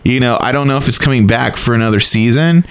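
A man hosting a podcast, chatting casually and then reading upcoming event plugs with quick enthusiasm. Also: mid-range voice, clean tone. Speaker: podcast host.

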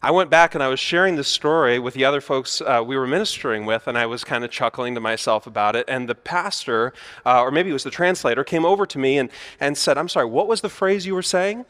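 A male pastor preaching a Sunday sermon, casual and anecdotal, and he pokes fun at himself. His voice sits at a middle pitch for a man. The sanctuary gives it a long, ringing reverb. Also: quick pace, fairly bright tone, clean tone. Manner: storytelling, conversational with self-deprecating humor. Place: church sanctuary. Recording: church hall reverb.

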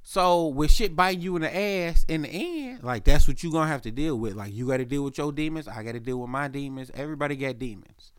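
Male podcast host, sick, casual storyteller, a bit high, dry sound. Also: quick pace, few pauses, no room sound. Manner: loose profane storytelling, voices the boss; clears throat often.

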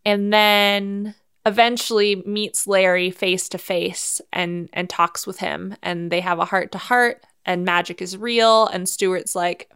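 Slow, smooth-voiced woman spinning a tale. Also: lowish voice, fairly even intonation, a bit bright. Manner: playful, giggly storytelling with many ums. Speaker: podcast co-host. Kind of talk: casual podcast chat, improvising a movie plot.

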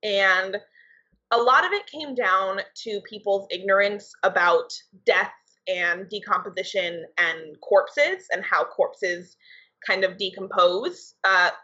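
Woman co-host, young adult, chatty explainer with a bright, slightly husky voice. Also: medium pitch, slow pace. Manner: loose, conversational explainer. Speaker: podcast co-host, writer and editor. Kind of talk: casual podcast chat. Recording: dull lo-fi podcast audio.

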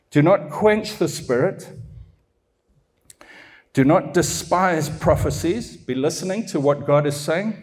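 A high-pitched male preacher delivering a sermon. He stretches out scripture verses word by word, then drops to quiet asides before rising into emphatic exhortation. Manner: emphatic, swings between soft asides and raised exhortation; reads scripture slowly and deliberately.

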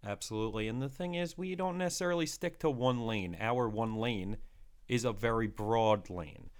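A man's voice: mid-range voice, normal speed, clean tone. A man co-hosting a podcast in casual chat, agreeable and affirming. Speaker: podcast co-host.

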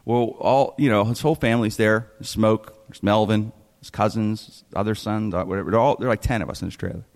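A man telling a comic story in an animated way, laughing often and tripping over his restarts. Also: lowish voice, brisk, long reverb tail.

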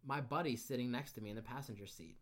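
A man tells a story on a podcast in a loose, casual way. He swears freely and slips into other people's voices as he quotes them. His voice sits at an ordinary pitch for a man. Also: fast talker, fairly bright tone. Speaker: podcast guest.

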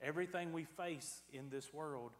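A man preaching a sermon, telling a personal story and swinging from quiet to loud. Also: on the high side, normal speed, roomy sound, big-room sound. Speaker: pastor.

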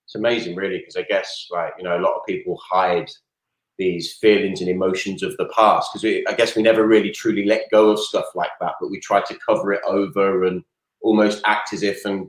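Deep voiced host guy, kinda hesitant, echoey room. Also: steady tone, brisk. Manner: reflective, hesitant with fillers. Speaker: podcast host. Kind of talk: casual chat.

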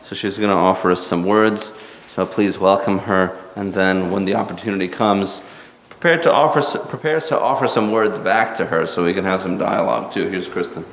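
A man hosting a church gathering, introducing the speaker in an unhurried way. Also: sits low, a bit bright, roomy sound, long reverb tail, slight background noise. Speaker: church host.

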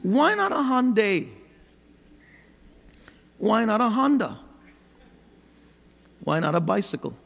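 A man's voice: high voice, sing-song, slow pace, gravelly, pauses often, a bit bright. A middle-aged man preaching a sermon as pastor, driving his points home with rhetorical questions and touches of humor. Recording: long hall reverb.

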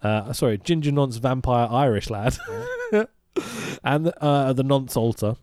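A man's voice: mid-range voice, unhurried, darkish tone, dry recording, studio quality. A man co-hosting a casual film review podcast, sweary and sarcastic, often mock-quoting the characters. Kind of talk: casual chat.

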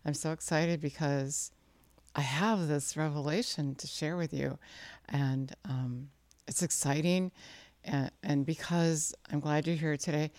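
A woman's voice: darkish tone, no echo. A woman preaching an earnest sermon, acting out quoted lines with a rising voice and sometimes dropping to a near whisper for emphasis. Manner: earnest, acts out quoted speech with rising pitch.

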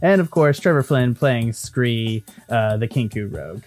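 A man runs a tabletop game as dungeon master and hosts the podcast, chatting casually with his players. He jokes around and swears freely, in a middle-pitched voice with faint music behind him. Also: lively intonation, unhurried, a little mellow.

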